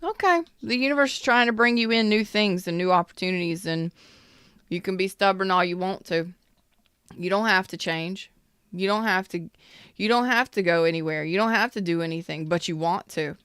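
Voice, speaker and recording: A tarot reader hosts a casual live-streamed reading in a smooth, clear, fairly low and fairly bright voice at a moderate pace. She's blunt, occasionally swears, and welcomes viewers by name. The sound is close and dry with little echo.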